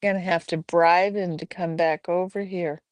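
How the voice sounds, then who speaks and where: A woman hosting a casual livestream at home, chatting and reading out viewers' messages in a relaxed way. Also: fairly low pitch, moderate pace, dry recording. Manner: relaxed, reads chat aloud, chatty asides. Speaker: livestream host. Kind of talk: casual chat with live chat.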